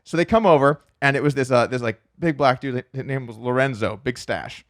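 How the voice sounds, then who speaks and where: A man being interviewed on a podcast, telling stories about his life in a quick, chatty way with frequent restarts, sometimes acting out the voices of people in his stories. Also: mid-range voice, dry recording, studio quality. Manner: acts out quoted voices in his anecdotes. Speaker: podcast guest, professional poker player. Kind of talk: casual storytelling interview.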